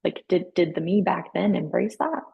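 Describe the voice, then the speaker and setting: Gravelly, husky-voiced woman. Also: fairly low pitch, normal speed, dull audio. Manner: candid, swears freely; storytelling, acts out quoted dialogue. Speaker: podcast co-host. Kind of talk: casual podcast chat.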